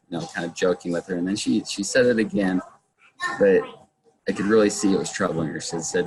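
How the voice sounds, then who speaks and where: A man, a father, telling his story on a video call in a relaxed, joking way. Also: low voice, brisk, noisy background. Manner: relaxed, joking, dry humor. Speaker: guest, father. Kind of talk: personal testimony on a video call.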